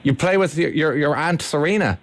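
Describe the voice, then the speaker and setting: A woman's voice: deep voice, fairly quick. An adult woman hosting a playful chat with a child, teasing and joking with her. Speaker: radio host.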